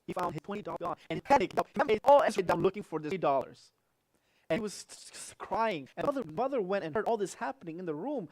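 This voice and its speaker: A male pastor telling a story in a sermon, animated, swinging between loud and hushed. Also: sits high, fast.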